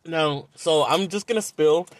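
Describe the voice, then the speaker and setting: A man's voice: on the high side, a little slow, no room sound. A young man from Southern California, telling a dating story on a podcast in a blunt, profane, casual way. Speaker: podcast host.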